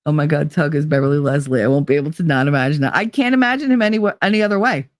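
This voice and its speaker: A woman's voice: sits low, rapid-fire, no echo, studio quality. A woman hosting a livestream talk show, chatting casually and reading viewer comments, blunt, swearing freely and laughing easily.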